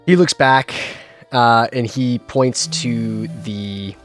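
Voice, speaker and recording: A man narrating a tabletop game as game master, unhurried and pausing to search for words. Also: medium pitch, steady tone, faint music behind.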